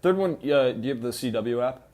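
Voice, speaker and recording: A man co-hosting a casual podcast, chatty and relaxed, swapping trivia with his friend. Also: mid-range voice, fairly quick. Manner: chatty, says "dude" a lot, trades trivia. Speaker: podcast co-host. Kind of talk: casual chat.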